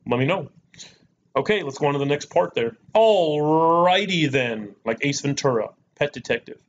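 A man teaching a math lesson in a chatty, joking way, repeating key points. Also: mid-range voice. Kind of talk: recorded lesson. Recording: dull lo-fi recording with faint noise.

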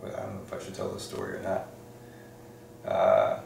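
An older man from Detroit, a law librarian, tells stories from his career in an oral history interview, reflective and often restarting or saying "um" as he thinks. His low voice is sing-song, gravelly and a little mellow at a normal speed. The room is echoey, with a distant mic and faint noise.

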